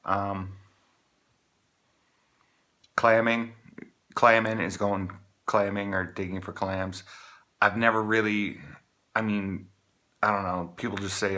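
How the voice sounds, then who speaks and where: A man from Maine talking casually to camera, rambling with many halting restarts. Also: on the low side, fairly even intonation, sharp tone. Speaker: vlogger.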